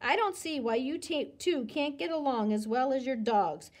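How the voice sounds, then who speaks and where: A woman voicing a mild older man who reproaches gently. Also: high voice, expressive, normal speed.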